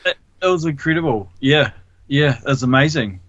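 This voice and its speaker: Bright-voiced New man, dull dry line. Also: mid-range voice, lively intonation, normal speed, no room sound. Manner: eager, laughs often, fillers like "like". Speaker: radio show guest, activist. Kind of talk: casual radio chat.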